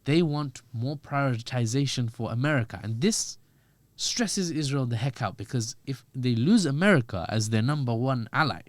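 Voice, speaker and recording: A man talks through politics as a podcast guest at a middling pitch. He is animated and joking, and he slips into acted-out voices. His voice sounds dry and close with no room echo. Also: moderate pace. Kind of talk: conversational political commentary.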